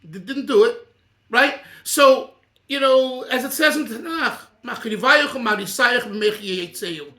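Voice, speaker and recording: A middle-aged rabbi gives an informal class, jumping between points and chuckling as he explains. His voice is bright and forceful. The room around him is echoey. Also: very high-pitched, a little slow. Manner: animated and digressive, chuckling often.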